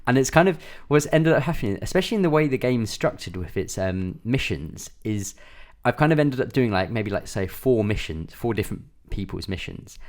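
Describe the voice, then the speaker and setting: This man co-hosts a podcast in a casual, rambling chat packed with fillers. His voice sits on the low side, very animated and a little fast, with hardly any pauses.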